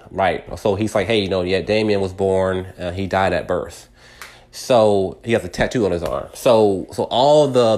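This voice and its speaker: A man's voice: fairly low pitch, a little mellow. A man telling a personal story in a rambling, conversational way, full of fillers and restarts, acting out what people said. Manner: rambling, many fillers and restarts, acts out quoted voices. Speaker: podcast host.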